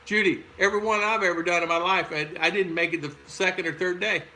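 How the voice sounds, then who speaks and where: Older southern guy rambling on a home livestream, bright kinda high voice, laughs a lot, faint hum behind. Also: steady tone, quick pace, low-quality recording. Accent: Southern American. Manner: rambling, chuckles often. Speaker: host. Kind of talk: casual livestream chat reading viewer comments. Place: home in the Philippines.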